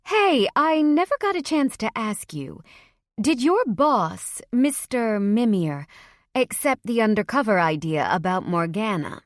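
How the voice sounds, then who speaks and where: A woman narrator voicing a warm, caring middle-aged mother who asks eager questions, in a dry, close recording. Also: a little high, big pitch swings, unhurried, no echo, voice pushed up. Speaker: audiobook narrator. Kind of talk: audiobook character voice.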